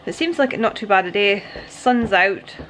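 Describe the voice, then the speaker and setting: A woman with a medium-pitched, slightly bright voice talks at a moderate, animated pace to camera at home, a first-time mum vlogging casually. She rambles chattily about her plans for the day, drifting into baby talk, with slight background noise.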